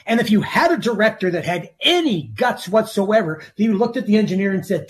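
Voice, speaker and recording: A man's voice: high-pitched, very animated, fairly quick, few pauses. A middle-aged man co-hosting a sports talk show, ranting emphatically and often repeating himself. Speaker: sports radio co-host.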